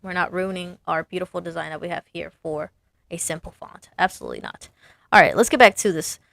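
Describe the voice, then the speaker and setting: Woman, sign designer, casual design commentary, self-amused, gravelly voice, dry recording. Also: on the low side, steady tone, fairly quick, a bit bright, no room sound. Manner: chatty, self-amused, thinking aloud.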